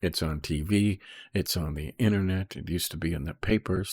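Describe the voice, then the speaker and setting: A very low, husky male voice walks through scripture verse by verse, pausing after each point to ask "okay?" or "right?". The recording is dry and close, with almost no room sound. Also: a little mellow, dry recording. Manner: reads verses then explains, peppered with "okay?" and "right?". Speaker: Bible study teacher. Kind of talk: casual Bible commentary.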